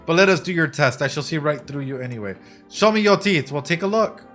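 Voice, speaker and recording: A man's voice: on the high side, expressive, a little fast, a bit bright, faint music behind. A man voicing a grand, condescending mystic fortune-teller in a game, speaking dramatically. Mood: grandly mystical. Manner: dramatic, condescending, calls others darling.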